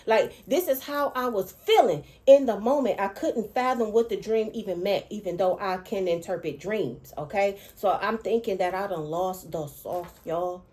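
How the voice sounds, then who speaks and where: A woman vlogging as a dream interpreter, telling a personal spiritual testimony in an excitable way, stretching out words for emphasis and swinging between hushed and loud. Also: mid-range voice, normal speed, hardly any pauses. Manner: excitable, repetitive, breaks off and restarts, keeps saying 'all right' and 'okay'. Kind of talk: emotional personal testimony to camera.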